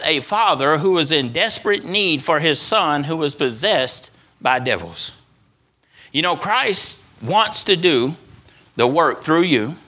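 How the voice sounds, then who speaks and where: Delivering a sermon, a male pastor speaks at medium pitch with a pushed, bright tone. His emphasis rises and falls as he repeats phrases to drive them home.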